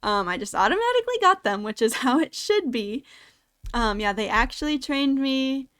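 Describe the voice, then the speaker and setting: A woman's voice: high-pitched, normal speed, clean tone, no room sound, clean studio sound. A young woman hosting a podcast, telling a story in a casual, chatty way with lots of filler words. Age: young adult. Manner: chatty, animated retelling with many "like" fillers. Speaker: podcast host.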